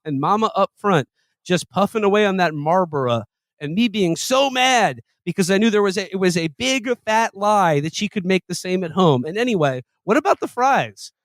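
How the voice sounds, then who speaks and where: High-voiced wry man reading quotes. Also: animated, moderate pace, dry recording. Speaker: podcast co-host. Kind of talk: casual comedic chat, reading quotes aloud.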